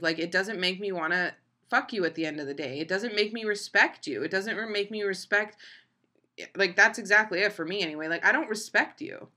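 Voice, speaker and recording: A woman's voice: lowish voice, pushed and bright. A young woman hosting a podcast, ranting bluntly and casually with plenty of swearing. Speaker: podcast host. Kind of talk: casual monologue.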